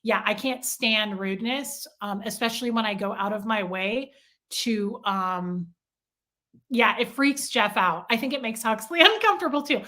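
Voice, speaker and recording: A young woman with a bright, fairly high voice, chatting on a live stream. She talks to her viewers in an animated, self-deprecating way. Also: moderate pace. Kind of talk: casual live-stream chat.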